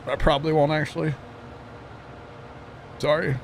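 A man's voice: on the high side, level tone, normal speed, gravelly, slight background noise. A young man with a Midwestern American accent chatting casually with viewers while he streams a game, joking at his own expense and laughing often. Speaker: livestreamer. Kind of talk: casual gameplay chat with viewers.

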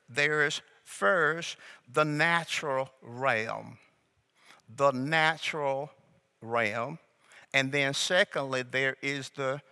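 With a bright, forceful, medium-pitched voice touched by vocal fry, this pastor stretches out important words slowly and deliberately. He gets the congregation to echo phrases back during his sermon, which rings with long hall reverb.

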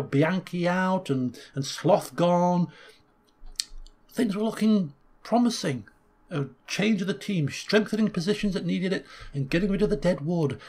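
Man, higher register, casual game commentator, opinionated and wry. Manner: opinionated, animated, wry asides.

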